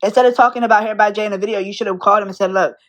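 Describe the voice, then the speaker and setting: A woman's voice: mid-range voice, fairly even intonation, racing. A young woman in an angry, profane rant, firing rhetorical questions at the person she is calling out. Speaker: commentary vlogger.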